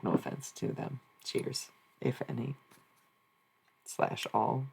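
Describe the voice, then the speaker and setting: A streamer talking to chat in a loose, rambling way, with swearing thrown in. The voice sits at a middle pitch with a gravelly, fried edge. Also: steady tone, slow pace, a little mellow, a little hiss or hum, poor audio. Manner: rambling, profane, talks back to chat. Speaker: live streamer. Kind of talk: casual live-stream chat.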